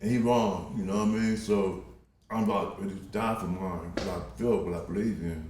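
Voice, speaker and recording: A man in his sixties from Compton, a podcast guest telling stories in a casual, profane, animated way and laughing often. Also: low-pitched, a little fast, noisy background. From Compton, Los Angeles. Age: 60s. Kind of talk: casual storytelling. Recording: roomy echo.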